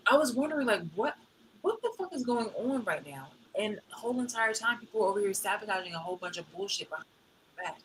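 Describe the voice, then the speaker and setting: A woman live streaming, telling a personal story in a blunt, profane and animated way. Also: lowish voice, a little hiss or hum, rough recording.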